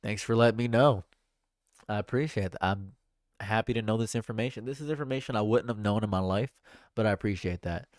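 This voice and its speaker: A man's voice: fairly low pitch, a little fast, no room sound, clean studio sound. A man streaming casual commentary, joking and chatting as he reads and answers his chat.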